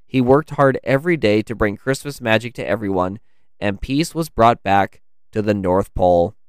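Male podcast co-host, storyteller, relaxed and rambly, smooth tone. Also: on the low side, normal speed, dry recording, studio quality. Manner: easygoing, rambling with restarts. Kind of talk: storybook narration and casual chat.

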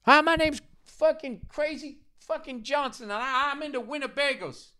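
A man's voice: very high-pitched, moderate pace, bright, forceful tone, pitched above the performer's own voice. A man voicing a brash, swearing reality-TV van customizer, crude and hyped.

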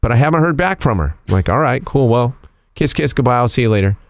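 A man hosting a radio show, telling a story in a casual, animated, teasing way. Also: mid-range voice, fast, vocal fry, no echo.

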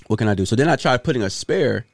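A man hosts a casual chat at a quick clip, telling a rambling story. He restarts his sentences a lot and keeps asking "you know what I'm saying". His voice sits at a middle pitch and sounds dry and close, with no room echo. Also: animated, vocal fry. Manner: many restarts and repeated words. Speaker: podcast host.

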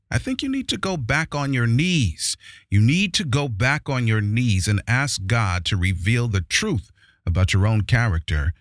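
Man, preacher, sermon, middle pitch, dry sound, emphatic scripture reading. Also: big pitch swings, no echo. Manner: reads scripture slowly and with emphasis, then expounds forcefully.

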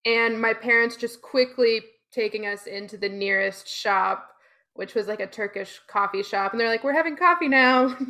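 A woman's voice: medium pitch, flat delivery, normal speed, pushed and bright. A woman chatting casually, laughing often and telling upbeat stories with casual swearing. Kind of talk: casual chat.

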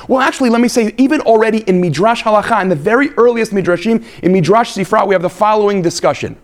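A rabbi gives a live lecture in a voice that sits high, emphatic and animated. He keeps checking in with his listeners, frequently asking "right?" and "okay?".

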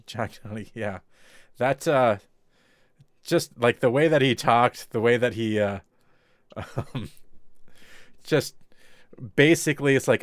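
A man's voice: mid-range voice, measured pace, long pauses, dry recording, clean studio sound. A man co-hosting a podcast, rambling in casual chat with many fillers and restarts. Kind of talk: casual chat about TV shows.

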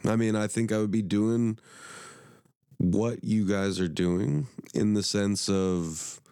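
A man hosting an interview in casual talk, hoarse and losing his voice, rambling with many restarts and clearing his throat. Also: on the low side, slow pace, dark tone, dry recording, clean studio sound. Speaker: podcast host.

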